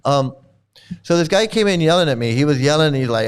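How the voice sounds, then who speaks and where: A man's voice: fairly high pitch, animated, a little fast, smooth. Indignant man ranting on a livestream. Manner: indignant, mocking rant with repetitions. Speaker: livestream host. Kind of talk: casual livestream commentary.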